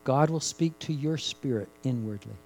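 A man preaching a sermon, rising to loud emphatic peaks and dropping to hushed, drawn-out phrases, repeating key words for emphasis. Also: medium pitch, faint music behind, poor audio. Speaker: pastor.

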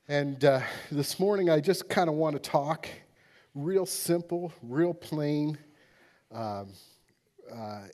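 A male pastor preaches in a mellow, dark-toned voice at an everyday pitch. He keeps it plain and relaxed, pausing often on fillers as he gathers his thoughts. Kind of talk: sermon.

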